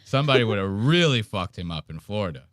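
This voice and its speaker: A young man hosts a podcast, reacting to a video with rambling, profane, incredulous casual commentary. His voice is on the low side and a bit bright, with big pitch swings and a quick pace. The recording is clean studio sound with no echo.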